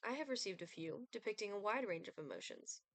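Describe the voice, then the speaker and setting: A woman's voice: mid-range voice, lively intonation, a little fast, no room sound, natural voice. A woman voicing an aloof male Grim Reaper, reading his game lines in a cool, clipped, formal way. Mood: cold, formal. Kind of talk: reading game dialogue aloud.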